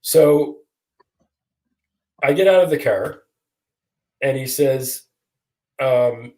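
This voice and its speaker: A man's voice: mid-range voice, drawn-out words, pauses often, darkish tone. A man in his sixties from Michigan, a guest attorney telling a story with self-deprecating humor over a video call. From Michigan, USA. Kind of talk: storytelling in a casual interview.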